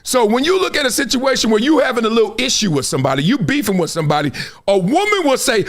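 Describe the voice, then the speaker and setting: A high-pitched man riffs on sports in a casual, slang-heavy commentary style. His voice swings widely up and down as he builds his points with emphasis. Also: sing-song, quick pace. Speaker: sports talk show host. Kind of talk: animated sports commentary chat.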